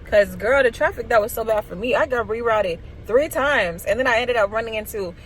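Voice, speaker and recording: Nervous, giggly young woman vlogging from a car, slightly high voice, faint street noise. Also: brisk, rough recording. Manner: nervous, giggly, chatty, talking to viewers as girls. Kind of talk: casual vlog chat. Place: parked car.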